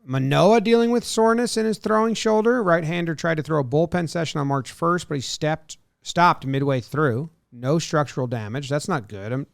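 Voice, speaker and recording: A man co-hosting a casual sports podcast reads injury reports aloud in a slightly high, creaky voice, talking a little fast and animatedly with hardly any pauses and no echo. He keeps breaking off to joke and comment.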